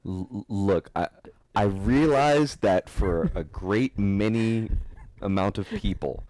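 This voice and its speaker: Low-voiced man hosting a rambling podcast. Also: takes it slowly, no room sound. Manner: rambling, animated storytelling with laughs. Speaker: podcast host. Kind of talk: casual podcast chat.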